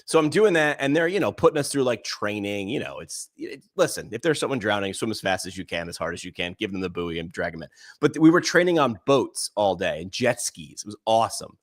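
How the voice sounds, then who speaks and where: A male podcast co-host in casual discussion. He talks emphatically, telling stories with lively jumps in pitch and loudness. He keeps pushing his point with energy. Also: a little fast. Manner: emphatic, animated storyteller with big swings in pitch and loudness.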